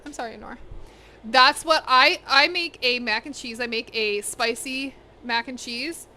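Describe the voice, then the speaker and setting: A woman's voice: fairly high pitch, measured pace, bright, forceful tone, slight background noise. A young woman casually chatting with her live chat while she cooks in her home kitchen. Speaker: cooking streamer.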